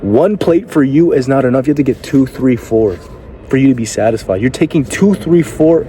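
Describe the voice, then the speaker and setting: A man's voice: mid-range voice, moderate pace, warm tone, a little hiss or hum. A man giving a motivational speech in a blunt, confrontational way, cursing and firing rhetorical questions at the listener. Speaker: motivational speaker.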